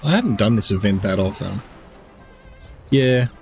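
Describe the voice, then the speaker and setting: A man's voice: on the low side, lively intonation, normal speed, faint music behind. A tired man streaming a game, rambling casually as he plays and muses over chat questions. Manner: rambling, musing aloud, answering chat questions. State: tired, yawning.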